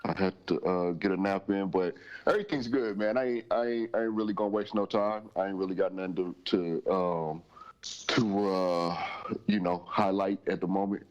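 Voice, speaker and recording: A man co-hosting a casual podcast, talking in a relaxed, drawling way. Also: low voice, normal speed, muffled recording. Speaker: podcast co-host.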